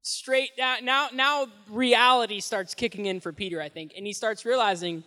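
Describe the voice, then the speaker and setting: A young man preaching as a youth pastor, telling the story in an animated, casual way with slang, swinging between loud and hushed, in a large hall. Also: very high-pitched, moderate pace, few pauses. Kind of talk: sermon. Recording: long echoey hall reverb.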